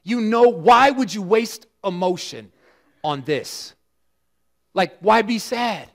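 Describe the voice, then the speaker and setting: Pastor, man, middle-aged, casual storytelling sermon, fidgety fillers, voice sits a bit high. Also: slow pace, creaky. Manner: conversational, animated storytelling with frequent fillers. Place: church sanctuary.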